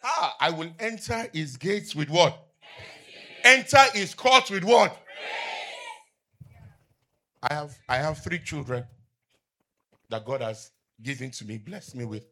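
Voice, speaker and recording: A middle-aged man preaching a sermon as pastor, asking the congregation to finish his lines and rising to shouts. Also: a little high, animated, moderate pace. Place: church with outdoor canopy seating.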